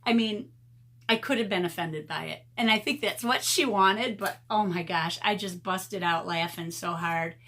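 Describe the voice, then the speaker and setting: A chatty woman in her fifties, talking casually to her viewers as an art vlogger. She tells her stories with a ready laugh, and her pitch sits right in the middle. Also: normal speed, fairly bright tone. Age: 50s. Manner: chatty, laughs often while telling stories.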